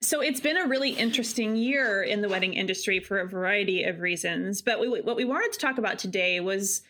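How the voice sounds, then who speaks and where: A woman's voice: mid-range voice, fairly quick, bright, forceful tone, slight background noise. A woman hosting a podcast in a casual chat, talking about her work as a wedding photographer in a giggly, easygoing way. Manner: chatty and giggly, with fillers like "like".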